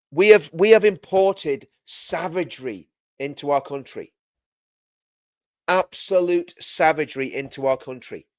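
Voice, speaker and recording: A man's voice: fairly high pitch, darkish tone, no room sound, clean studio sound. Sardonic, indignant man on a livestream. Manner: sardonic, indignant, repeats phrases. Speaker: livestream host. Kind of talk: ranting livestream commentary.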